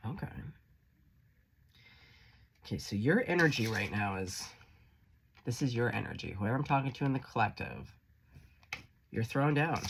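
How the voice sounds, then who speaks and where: A man's voice: lowish voice, big pitch swings, normal speed, creaky, pauses often, a bit bright, slight background noise. A man giving a casual tarot reading, chatty and encouraging, swearing freely. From Canada. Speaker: tarot reader.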